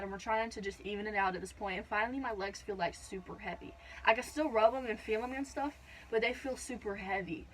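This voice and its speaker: A woman's voice: medium pitch, darkish tone, poor audio. A young woman casually telling her birth story in a vlog, rambling with lots of fillers. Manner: rambling, many "like" and "whatnot" fillers.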